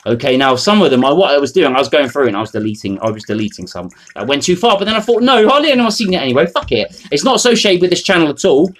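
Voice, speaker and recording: A man's voice: medium pitch, sing-song, very fast, hardly any pauses. A man, ranting to camera in a rambling, foul-mouthed, mocking way. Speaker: vlogger. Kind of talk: unscripted rant to camera.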